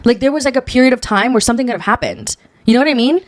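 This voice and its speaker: A woman's voice: a little high, expressive, rapid-fire, no echo. A young woman co-hosting a podcast, chatting casually and animatedly, swearing freely as she dishes gossip. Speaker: podcast co-host. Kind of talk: casual chat.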